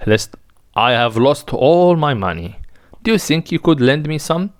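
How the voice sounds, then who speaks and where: A man's voice: a little high, expressive, unhurried. A man reading a smug young impostor official. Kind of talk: dramatic reading of a play.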